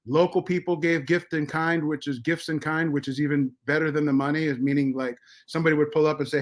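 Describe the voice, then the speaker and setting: Middle-aged American man, podcast guest, animated storyteller who swears freely and restarts his sentences. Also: on the high side, quick pace. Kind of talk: casual storytelling.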